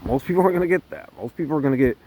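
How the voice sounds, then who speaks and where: Rapid-fire and fairly high-pitched, this vlogger's voice comes with a slight hiss or hum. His casual rant to camera is animated and full of profanity, broken up by frequent laughter.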